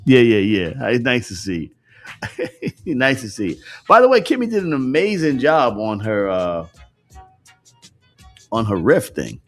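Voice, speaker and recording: A man's voice: medium pitch, wildly swooping pitch, a little slow, long pauses. A man hosting a casual morning livestream, joking, swearing and laughing often, with faint music behind him. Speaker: host.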